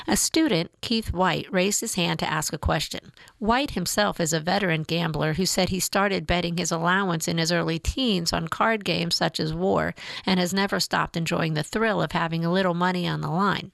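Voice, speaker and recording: A woman reads a long news feature in a measured, even voice. Her tone sits low, with a strong, gravelly fry running through it, and the sound is close and dry. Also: no room sound. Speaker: narrator. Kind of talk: reading a news feature aloud.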